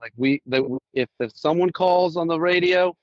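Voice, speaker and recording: A man's voice: on the high side, moderate pace, dry recording. Storytelling male podcast host, dull dry sound. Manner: storytelling, acts out quoted dialogue. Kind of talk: casual conversation.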